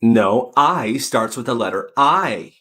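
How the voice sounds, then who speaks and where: A man's voice: mid-range voice, animated, takes it slowly, pushed and bright. A man putting on a bossy kindergarten teacher. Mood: scolding. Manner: bossy and scolding. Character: stubborn strict female kindergarten teacher.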